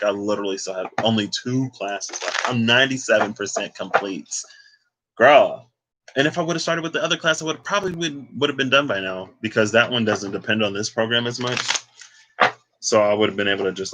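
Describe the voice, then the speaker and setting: A man's voice: on the low side, a little fast, background noise. A man doing a casual livestreamed tarot card reading, talking in a loose, chatty way with sassy asides.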